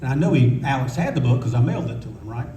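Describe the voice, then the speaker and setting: A man's voice: medium pitch, sing-song, very fast, warm tone, slight background noise. An older man telling casual, profane stories on a convention panel, acting out the people he quotes. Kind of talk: live anecdotal storytelling. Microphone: audience recorder at a distance. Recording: echoey room from far off, faint ambience.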